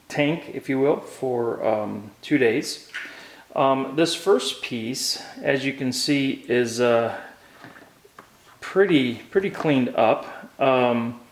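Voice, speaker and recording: A man hosting his own hobby channel, talking through a restoration project in a relaxed, hesitant way with many ums and uhs, recorded in a home workshop. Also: medium pitch, low-quality recording. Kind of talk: casual how-to narration.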